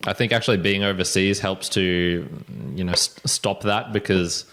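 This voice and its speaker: A man, hosting a podcast and chatting casually in a relaxed way. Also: low voice, normal speed, background noise. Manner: relaxed, frequent agreeing fillers. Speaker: podcast host. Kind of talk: casual chat.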